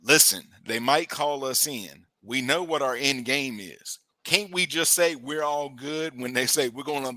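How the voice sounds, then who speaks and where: A man co-hosting a casual movie-review podcast, talking animatedly and slipping into quick character voices. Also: mid-range voice, bright, forceful tone, dry recording. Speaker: podcast co-host.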